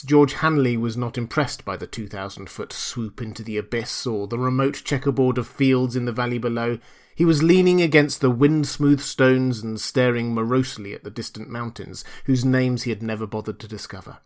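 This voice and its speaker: A man narrating a short story in a measured, storytelling manner. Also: medium pitch. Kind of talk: scripted audiobook narration.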